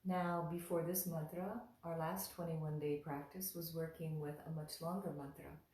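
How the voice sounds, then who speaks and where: Calm, lowish woman teacher; unhurried delivery, chants drawn out; echoey room, mic at a distance. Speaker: mantra teacher. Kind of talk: spoken teaching with slow chanting.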